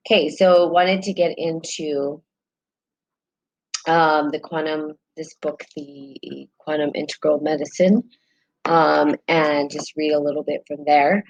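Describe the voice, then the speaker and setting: A woman's voice: deep voice, steady tone, takes it slowly, rough recording. A woman from New Mexico with a New Mexican accent, hosting a casual spiritual live stream, reading from a book and greeting viewers mid-sentence with lots of ums.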